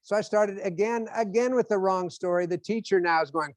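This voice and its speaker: A male motivational speaker with a fairly high voice who tells his stories in an animated way and acts out each scene. His delivery is dry and close. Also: a little fast, no room sound. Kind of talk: motivational lecture.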